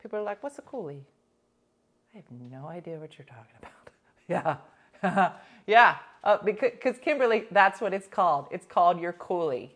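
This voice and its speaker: A middle-aged woman hosting a radio show, chatting casually and telling animated stories. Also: fairly low pitch, normal speed. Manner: animated storytelling, imitates voices in anecdotes. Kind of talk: casual chat.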